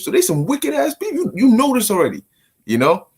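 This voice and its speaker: A man's voice: high voice, a little fast, husky. Slangy, stammering man explaining scripture. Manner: slangy, stammering repetitions, animated. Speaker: bible study teacher. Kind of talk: casual scripture commentary.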